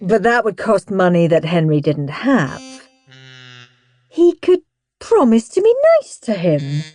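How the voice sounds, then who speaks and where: A woman narrating a children's audiobook in a playful, expressive way. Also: lowish voice, slow pace. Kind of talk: scripted narration.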